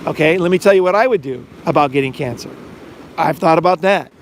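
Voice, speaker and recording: A man's voice: a little high, fairly quick, a little hiss or hum. A middle-aged man hosting a podcast, talking in a rambling casual monologue full of fillers and acted-out quotes. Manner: rambling, filler-heavy, acts out quoted dialogue. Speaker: podcast host and life coach.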